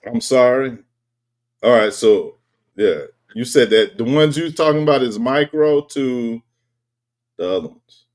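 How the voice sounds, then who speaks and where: A man's voice: medium pitch, measured pace, pauses often, darkish tone. A male host in casual chat, blunt and joking, with plenty of slang.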